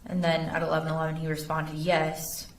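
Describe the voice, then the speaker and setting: A woman testifying as an investigator in court, reading messages aloud in a measured, factual way. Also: low voice, monotone, slight background noise. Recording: roomy courtroom audio from a distance.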